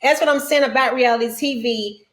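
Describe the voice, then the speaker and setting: A woman, a guest telling a story in casual talk, acting out her own quotes with big jumps in voice. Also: fairly quick. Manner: animated, quoting herself with sharp pitch jumps. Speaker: guest, reality TV cast member.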